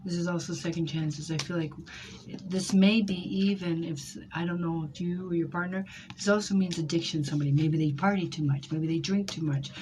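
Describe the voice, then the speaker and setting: A woman's voice: on the low side, fairly even intonation, brisk, a little mellow, a little hiss or hum, rough recording. A woman giving a live tarot reading to her viewers, emotional and rambling as she talks through each card and calls people by name. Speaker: tarot reader.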